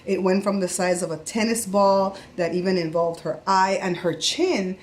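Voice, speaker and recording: A woman's voice: medium pitch, moderate pace, slight background noise. Chatty middle-aged woman from Belize. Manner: chatty, laughs often while talking. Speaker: family vlogger. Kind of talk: casual vlog chat. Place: at home.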